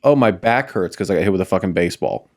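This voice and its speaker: Blunt low-voiced man on a podcast. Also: lively intonation, fast. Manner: blunt, matter-of-fact, swears casually. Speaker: podcast co-host. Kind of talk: casual chat.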